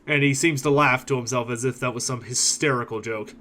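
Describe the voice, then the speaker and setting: A man narrating a tabletop game as game master, relaxed and laughing easily. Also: medium pitch, brisk.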